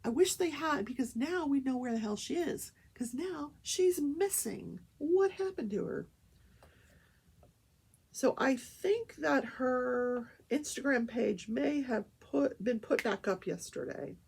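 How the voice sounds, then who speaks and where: A woman's voice: sits high, animated, takes it slowly, gravelly, a little mellow, breathy edge. An older woman hosting a casual talk show, telling a story animatedly and acting out the quoted voices.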